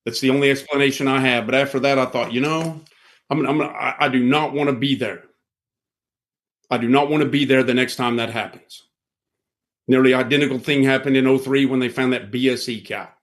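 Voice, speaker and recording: A man talking about markets as a podcast guest, folksy and blunt, telling stories in an animated way. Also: mid-range voice, fairly quick. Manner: animated storyteller who acts out quoted voices. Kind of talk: casual podcast conversation.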